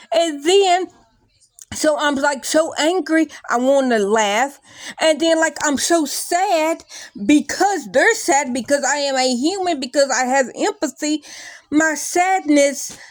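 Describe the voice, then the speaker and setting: A young adult woman talking through her feelings in a rambling, animated vlog, full of likes and restarts. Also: high voice, dry recording. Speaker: vlogger. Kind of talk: casual confessional talk to camera.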